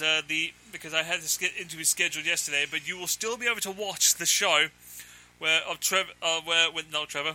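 A male radio host signing off his show in a loose, rambling way, often restarting his sentences. His voice is a touch high. It has a very bright, sharp edge. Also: poor audio. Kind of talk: casual show sign-off.

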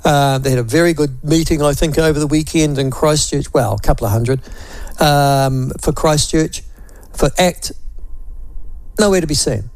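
A man's voice: fairly high pitch, moderate pace, darkish tone, no echo. A man with a New Zealand accent hosting talk radio, musing aloud in a wry, opinionated way and toying with phrases.

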